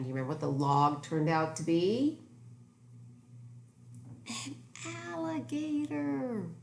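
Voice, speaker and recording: A woman reading a picture book aloud to children, animated and exclaiming as she points out the pictures. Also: deep voice, creaky. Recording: echoey room with faint noise.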